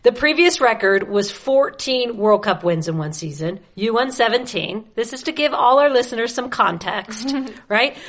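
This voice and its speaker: A woman's voice: a little high, lively intonation, normal speed, few pauses, fairly bright tone. A woman hosting an interview, playful and teasing, reading out a list of achievements. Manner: playful, teasing, reads out lists. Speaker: podcast host. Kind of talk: casual interview.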